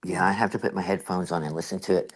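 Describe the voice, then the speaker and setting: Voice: sits low, fairly even intonation, quick pace. A host giving casual, rambling, exasperated reaction commentary on a clip.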